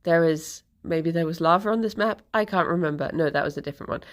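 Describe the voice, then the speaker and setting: A woman's voice: lowish voice, quick pace. A woman streamer casually telling a rambling story to her live chat, laughing often and correcting herself as she goes.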